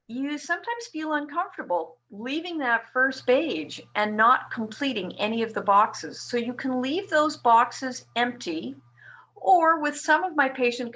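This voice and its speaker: A woman's voice: fairly high pitch, fairly bright tone. A woman nurse from Canada presenting a webinar, explaining a tax form step by step to patients. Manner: explanatory, walks through form slide by slide.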